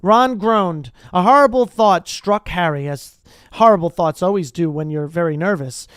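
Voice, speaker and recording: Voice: mid-range voice, moderate pace, clean tone, no echo, studio quality. A streamer reading a book aloud to a live chat, stumbling and breaking off for casual asides. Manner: chatty asides, stumbles and restarts.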